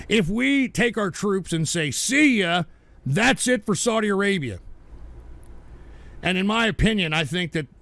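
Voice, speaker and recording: High-pitched, gravelly-voiced man ranting on live radio. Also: dry recording. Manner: excitable, bursts into shouting and swearing. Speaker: radio show host. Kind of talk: live call-in radio rant.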